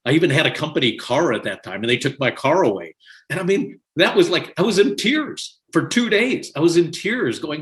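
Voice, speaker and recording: Animated older man telling stories. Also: on the high side, fairly quick. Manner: animated, laughs often while telling stories. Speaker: podcast guest. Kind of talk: conversational storytelling.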